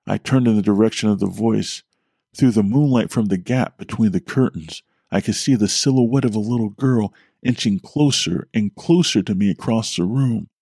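Horror podcast host with a low, gravelly voice reading a story in steady, measured narration, dry sound. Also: male voice, no room sound.

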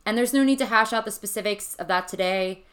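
A woman's voice: mid-range voice, a little fast, a bit bright. Frank, swearing woman podcaster. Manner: frank and confessional, swears casually. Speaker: podcast host. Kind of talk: candid solo podcast monologue.

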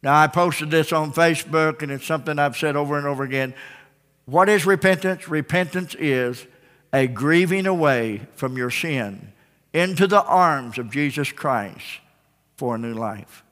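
A man preaching a revival sermon to a congregation, emphatic and repetitive, swinging from loud calls down to hushed endings. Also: a little high, normal speed. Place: church sanctuary with congregation. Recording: long church-hall reverb.

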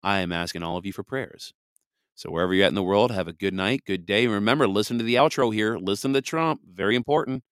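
A man with a very low voice that comes across hoarse and raspy from a lingering illness, yet still smooth and resonant underneath. He hosts his podcast in a fervent, folksy way, close and dry on the mic. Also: fast, no echo. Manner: fervent, folksy, laughs often. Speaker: podcast host. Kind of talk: casual podcast talk with prayer. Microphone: headphones and studio mic.

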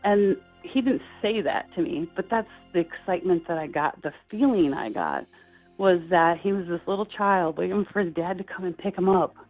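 A middle-aged woman earnestly telling a personal story as a guest, slipping into higher voices when she quotes people. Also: normal speed, faint music behind. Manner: earnest, lively quoting of dialogue with high acted voices. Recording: tinny phone-like line.

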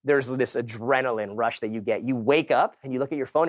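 A middle-aged man telling a lively real estate story to a summit audience in casual slang, acting out the dialogue. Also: medium pitch, quick pace, dry recording, clean studio sound. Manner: animated, slangy, acts out quoted dialogue. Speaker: real estate agent giving a talk. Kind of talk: energetic motivational storytelling. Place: stage at a sales summit.

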